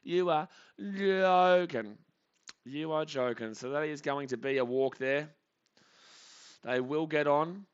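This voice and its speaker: A young man hosting a live baseball reaction stream, calling the plays casually and reading out chat messages with bursts of excitement. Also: mid-range voice, unhurried, clean tone, lo-fi sound. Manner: casual chatty commentary, reads chat aloud, excitable.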